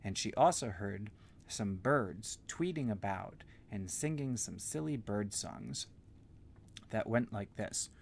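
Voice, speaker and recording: A man telling an improvised bedtime story to a child in a gentle, meandering way with simple words. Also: on the low side, animated, slow, vocal fry, very noisy.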